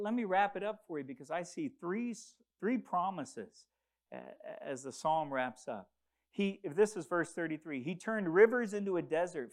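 High-voiced guy preaching in a church, calls out for the crowd to repeat words back, goes loud then drops real low. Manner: call-and-response preaching, swings from loud declarations to low hushed lines. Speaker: pastor. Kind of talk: sermon. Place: church sanctuary.

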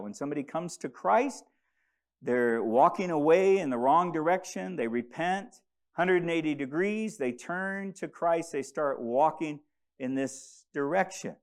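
A man preaching a sermon as pastor, often repeating and stumbling over words and having the congregation say verses aloud with him. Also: fairly high pitch.

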